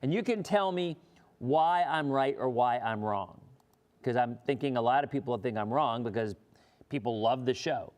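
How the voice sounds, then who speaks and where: A middle-aged man from Florida hosts a casual weather livestream, chatting with viewers in a relaxed, rambling way and often restarting his sentences. His mid-pitched voice carries a long hall reverb. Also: normal speed. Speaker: weather broadcaster and livestream host.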